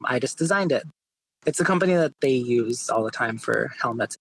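A man's voice: mid-range voice, moderate pace, creaky, breathy edge, dry recording, poor audio. A man, an artist and interview guest, telling his story casually with lots of "like" and "you know". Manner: relaxed, many fillers like "like" and "you know".

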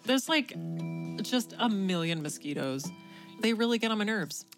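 A woman's voice: mid-range voice, expressive, moderate pace. Woman co-host on a radio chat show, playful and chatty, faint guitar behind. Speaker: podcast co-host.

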